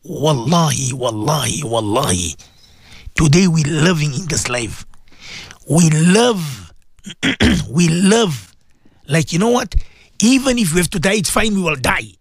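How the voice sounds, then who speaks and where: High, lively radio cleric. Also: male voice, unhurried, pauses often, breathy edge, dry recording, clean studio sound. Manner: emphatic, repeats words and phrases. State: sore throat, clears it often. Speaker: radio host and Muslim cleric. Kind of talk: religious radio talk. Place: radio studio.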